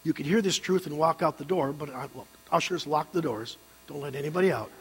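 An older man preaching a sermon as a pastor, animated and leading his congregation in call-and-response. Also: a little high, a little fast, breathy edge. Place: church sanctuary. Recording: reverberant hall with mains hum.

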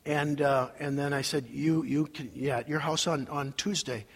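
A man preaching a sermon as pastor, telling a personal story with emotion, his voice going from soft asides to loud cries. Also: on the high side, fairly even intonation, moderate pace, few pauses, husky. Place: large church sanctuary. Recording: long hall reverb.

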